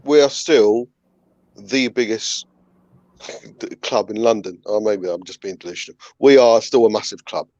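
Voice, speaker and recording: A man's voice: fairly low pitch, normal speed, a little mellow, dry recording, muffled recording. A man talking football in casual chat, passionate, swearing and trailing off. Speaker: football podcast panelist.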